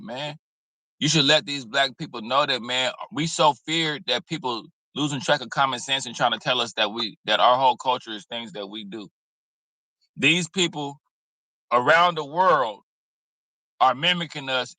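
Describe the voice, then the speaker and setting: A man's voice: mid-range voice, sharp tone, dry recording, poor audio. A man giving blunt, preachy, streetwise commentary in a casual reaction video, cursing freely. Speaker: commentary host.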